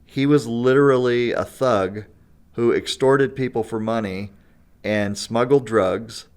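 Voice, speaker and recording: In a relaxed podcast conversation, a man with a medium-pitched, clean voice takes his time telling a long story. He laughs a lot and keeps asking "right?" and tossing in "you know."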